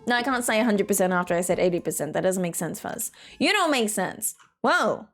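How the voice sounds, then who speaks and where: A woman casually chatting as a game streamer, playful and teasing and quick to laugh. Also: medium pitch, lively intonation, soft background music. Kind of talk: casual live-stream commentary.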